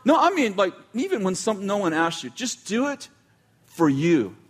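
A man's voice: sits high, big pitch swings, moderate pace. A man preaching in a casual, conversational style, often breaking off mid-sentence and adding wry asides. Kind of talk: conversational sermon.

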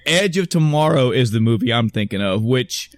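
A man hosting a casual podcast, rambling and swearing freely between bursts of laughter. His voice sits at an ordinary middle pitch. The recording is dry and close, with no room sound. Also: lively intonation, normal speed, no room sound. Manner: rambling, profane, laughing often. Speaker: podcast host.

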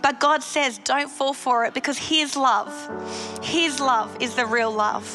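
A woman's voice: sits high, fairly even intonation, a little slow, over music. A woman giving an earnest devotional sermon, stressing points by repeating phrases. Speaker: Christian devotional speaker.

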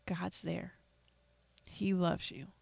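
Gravelly, earnest podcast host preaching. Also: mid-range voice, level tone, no room sound. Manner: earnest, preacherly, with pauses and repetition. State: emotional. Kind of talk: emotional gospel appeal.

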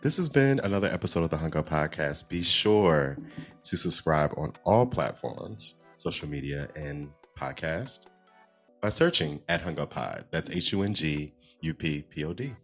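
A man's voice: rumbling low, lively intonation, normal speed, soft background music. A man from Maryland hosting a podcast, chatting in an upbeat, playful way. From Southern Maryland. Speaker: podcast host. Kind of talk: casual podcast chat.

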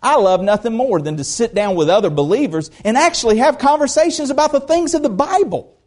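A man's voice: very high-pitched, animated, fairly quick, a little mellow. A man preaching a sermon to his church, talking in a conversational way and repeating phrases for emphasis. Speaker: pastor. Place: church service.

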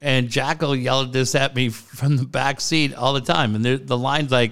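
A man's voice: medium pitch, fairly even intonation, moderate pace, hardly any pauses, fairly bright tone, smooth. A middle-aged man with a rambling, easygoing way of talking, chatting as a guest. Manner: rambling, laughs easily. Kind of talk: casual chat.

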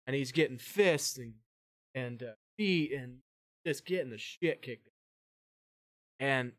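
A man hosting a podcast who tells a long story in a rambling, animated way, swearing freely and acting out the voices of the people in it. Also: a little high. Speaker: podcast host. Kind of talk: casual storytelling chat.

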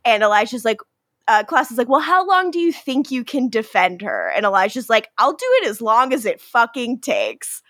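A woman's voice: on the high side, big pitch swings, moderate pace, a bit bright, dry recording, clean studio sound. A woman co-hosting a podcast, casually recapping an episode and acting out the characters' lines with plenty of swearing and laughter. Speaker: podcast co-host.

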